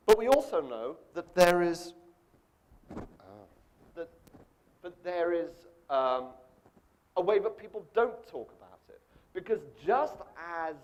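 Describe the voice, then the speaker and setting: A man from Europe delivers a guest lecture to a university audience, his voice sitting a little higher than most men's. He talks conversationally, breaking off to restart sentences and drop in asides. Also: poor audio.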